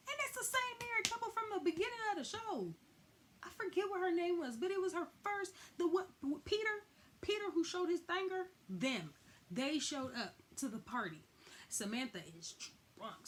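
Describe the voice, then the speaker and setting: A woman's voice: very high-pitched, very animated, unhurried, a little hiss or hum. A woman giving a casual, slangy recap of a TV episode, acting out the characters' lines as she goes. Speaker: recap vlogger.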